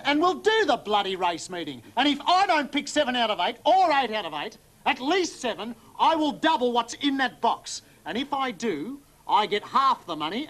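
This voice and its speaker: An actor playing a calm, stubborn male horse-picker in a country pub, speaking with an Australian accent, laconic and firm. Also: very high voice, heavily acted. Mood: defiant. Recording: pub crowd chatter behind. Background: bar crowd murmur.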